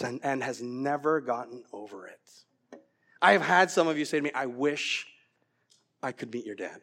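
Earnest man preaching a sermon. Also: mid-range voice. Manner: earnest, building to loud animated storytelling. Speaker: pastor.

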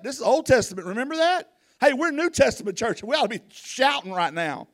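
Speaking briskly, a man with a high voice preaches outdoors in windy conditions. His style is folksy and lively, with everyday, casual grammar.

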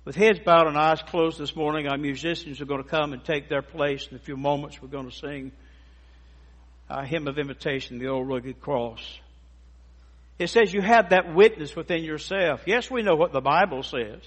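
A man's voice: fairly high pitch, normal speed, a bit bright, in a large hall. A man, preaching a sermon as pastor, emphatic and stretching key words for emphasis. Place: church sanctuary.

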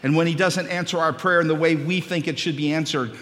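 A man's voice: fairly high pitch, fairly even intonation, fairly quick, a bit bright. A male pastor preaching a sermon, telling a story and acting out the dialogue before building to emphatic preaching. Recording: long hall reverb.

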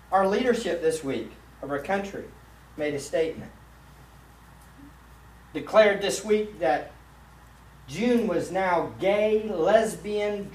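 A man, a pastor, preaching a sermon in a church sanctuary, emphatic and swinging between loud and hushed delivery. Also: high voice. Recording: roomy echo, mic at a distance.

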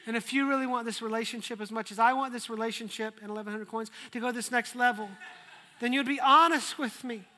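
A man's voice: very high voice, steady tone, fast, sharp tone, a little hiss or hum. A man voicing a scheming young woman who coaxes and pleads with her lover. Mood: pleading. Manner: wheedling and pleading.

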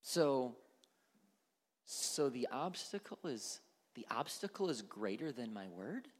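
A male pastor preaching a sermon in a church, animated and dramatic, sometimes dropping to near-whispers. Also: medium pitch, slow. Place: church sanctuary. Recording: long church reverb.

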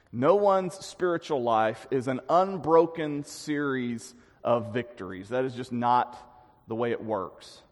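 A man preaching a sermon, earnest and dynamic, with emphatic swells and quiet drops. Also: mid-range voice. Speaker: pastor. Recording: long hall reverb.

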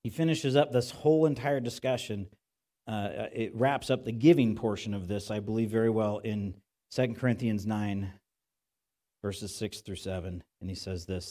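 A man's voice: medium pitch, normal speed, dark tone. A male pastor giving a conversational sermon in a church, often asking his listeners rhetorical questions.

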